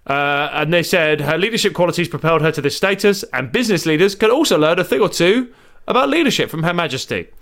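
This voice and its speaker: A man's voice: fairly high pitch, lively intonation, fast talker, fairly bright tone. A man co-hosting a comedy podcast, reading an article aloud in a mock-serious way and breaking off into sarcastic asides.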